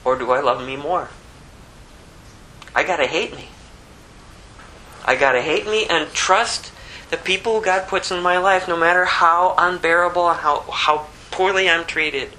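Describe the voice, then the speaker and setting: Preacher from the US, sermon, forceful bright tone, drives points home with rhetorical questions. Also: medium pitch, steady tone, a little slow, long pauses, slight background noise, low-quality recording. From United States. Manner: emphatic, full of rhetorical questions.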